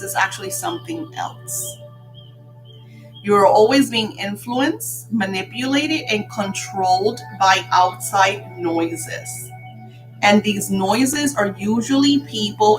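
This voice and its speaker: Older woman, chatty, storytelling, laughs often, casual live lesson, soft music behind. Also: medium pitch, low-quality recording. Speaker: spiritual teacher. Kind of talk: casual live-stream class.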